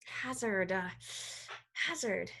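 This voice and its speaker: A woman's voice: medium pitch, animated, takes it slowly, vocal fry, pushed and bright, husky, heavily acted. An actress playing an exasperated young woman student trying to keep the peace, in a staged reading over a video call. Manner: exasperated, pleading.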